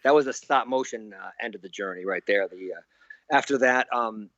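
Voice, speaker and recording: A man in his 60s telling lively anecdotes. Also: on the low side, a little fast, no echo, dull audio. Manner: animated, laughs often, acts out quoted voices. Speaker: guest animator. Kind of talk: anecdotal storytelling in an interview.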